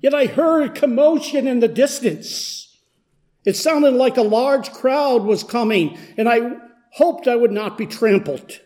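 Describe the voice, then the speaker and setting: A high-voiced man tells a story in the first person, as a poor blind beggar. His delivery is earnest and unhurried, and it steadily gathers intensity. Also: dark tone. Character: blind beggar man, humble then desperate. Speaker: dramatic storyteller. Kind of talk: first-person dramatic monologue.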